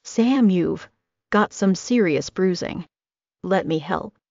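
A woman's voice: lowish voice, lively intonation, slow, creaky, a little mellow, no room sound, full character voice. A woman reading a teasing young cowboy. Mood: teasing calm. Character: charming shirtless young male cowboy. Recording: dry, dull lo-fi recording.

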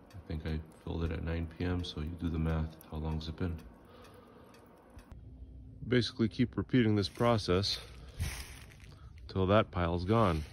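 A man's voice: deep voice, creaky, a little mellow, slight background noise. A man vlogging about his morning chores in a wry, joking way, whispering early on. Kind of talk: casual home vlog.

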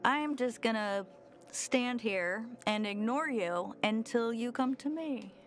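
Game VO: a needling younger sister, animated and mouthy. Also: female voice, on the high side, slow pace. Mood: snippy. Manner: pushy, sarcastic, swearing. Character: young woman, the player's bossy sister.

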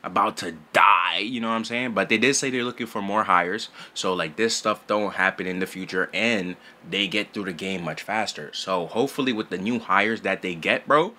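A young man giving casual gaming news in a vlog, loud and excitable, slangy, repeating "bro" constantly. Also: fairly low pitch, moderate pace, hardly any pauses. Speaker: gaming YouTuber. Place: home recording setup.

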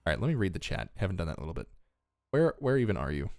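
A man's voice: sits low, very animated, very fast, gravelly, darkish tone, dry recording, clean studio sound. A tired man from the United States giving casual, joking live-stream commentary on a strategy game and reading chat aloud. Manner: chatty, reads chat aloud, joking asides.

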